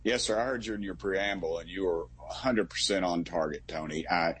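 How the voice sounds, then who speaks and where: A middle-aged man, a congressman in a political interview, folksy and quick to get worked up. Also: sits low, breathy edge. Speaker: congressman guest.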